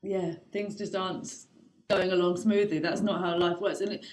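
A woman in relaxed conversation with a somewhat low voice. She thinks aloud and warmly affirms what her partner says. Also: normal speed, poor audio. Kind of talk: casual conversational chat.

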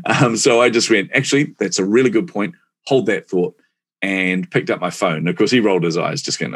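A man's voice: sits low, a little fast, breathy edge. A man in his forties with a New Zealand accent, telling his career story casually and with many laughs in an interview. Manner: chatty, animated, laughs often. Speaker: guest, marketing executive.

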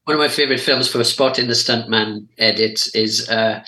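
Bright-voiced man in an echoey room. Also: lowish voice, normal speed. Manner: chatty, repeats words. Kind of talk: casual film podcast chat.

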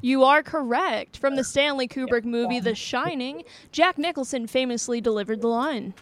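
High-pitched lady hosting a trivia game, reads out the options, laughs a lot. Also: moderate pace. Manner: laughs often, playful. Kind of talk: reading quiz questions, casual banter.

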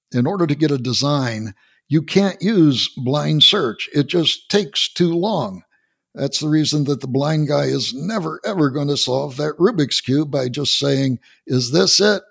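A man hosting a podcast interview, explaining in a halting way and often restarting and repeating words. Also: medium pitch, gravelly, breathy edge. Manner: storytelling, earnest explaining. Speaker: podcast host.

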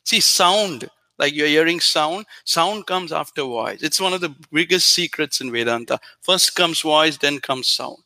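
Bright high-voiced man teaching spirituality. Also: animated, a little slow, hardly any pauses. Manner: earnest, repetitive, emphatic teaching. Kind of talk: spiritual talk to listeners.

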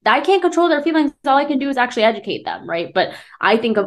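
A woman's voice: sits high, lively intonation, fast talker. A young woman from the United States co-hosting a podcast, talking in an earnest, reflective way. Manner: earnest, reflective, thinks aloud. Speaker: podcast co-host. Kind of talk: casual chat.

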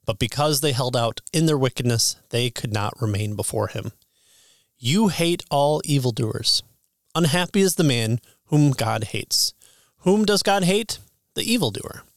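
A man reading an ancient sermon aloud in a measured way, slowing down to stress key phrases. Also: mid-range voice, no echo, clean studio sound. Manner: measured, with slow emphatic phrases. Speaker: sermon reader.

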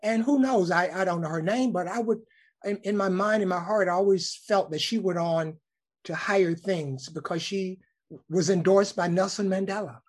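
A man, a news cameraman telling a lively story in a casual interview. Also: sits high, moderate pace. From Alabama, United States. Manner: animated storyteller, acts out quoted voices.

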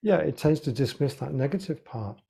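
A man's voice: medium pitch, lively intonation, brisk, vocal fry, warm tone, breathy edge. A man, a life coach and author, explaining ideas earnestly in an interview with lots of examples. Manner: earnest, example-driven, repeats words while thinking.

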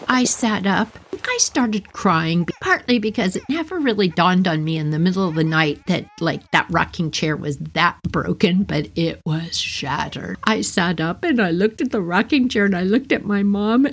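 A middle-aged woman telling a funny childhood story on her podcast, playful and animated. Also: mid-range voice, measured pace, husky. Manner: animated, playful, many voices.

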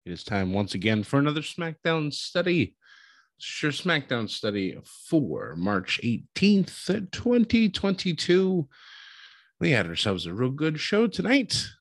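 A man gives a laid-back recap of a wrestling show, spinning it into a lively story full of chuckles and acted-out quotes. He speaks unhurriedly with a fairly high pitch, and there's no room sound.

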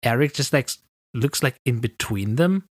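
Lively, wry man questioning in a game. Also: mid-range voice, moderate pace, breathy edge, no room sound, studio quality. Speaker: player. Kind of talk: playing a tabletop game.

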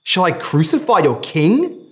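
A man voicing a stern, uneasy Roman governor who fires off sharp, demanding questions. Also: a little high, sing-song, a little slow, pitched above the performer's own voice.

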